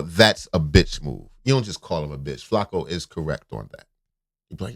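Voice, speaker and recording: Animated man reacting loudly. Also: moderate pace. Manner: animated, jumps high and loud when making a point. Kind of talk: casual reaction chat.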